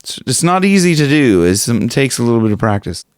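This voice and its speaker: A man's voice: mid-range voice, sing-song, brisk, dry recording, clean studio sound. A man giving a casual singing lesson, rambling with restarts and now and then demonstrating screamed lines. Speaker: vocal coach.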